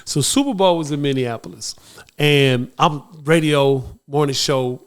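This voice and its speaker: A man's voice: a little high, unhurried, clear, resonant tone. A man hosting a podcast, also a radio morning host, telling a personal story in a casual, slangy, emotional way.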